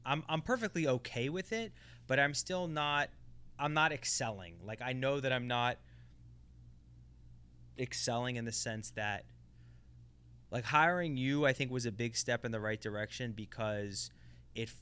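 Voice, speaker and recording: A man's voice: mid-range voice, unhurried, pauses often, sharp tone, smooth. A man co-hosting a casual podcast, reflecting and explaining ideas at length. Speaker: podcast co-host. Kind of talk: casual conversation.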